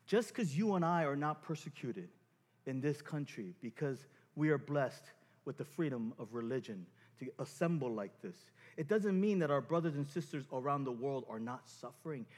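A man preaching a sermon as pastor, animated and self-mocking as he acts out scenes from his story. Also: mid-range voice, moderate pace, in a large hall.

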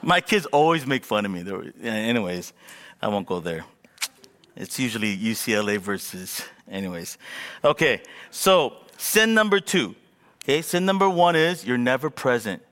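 A male pastor in his forties preaches with a lively, swooping delivery and self-mocking stories. His voice rings out with a long reverb in a large church sanctuary. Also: mid-range voice, normal speed. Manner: animated, self-mocking storytelling. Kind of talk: sermon.

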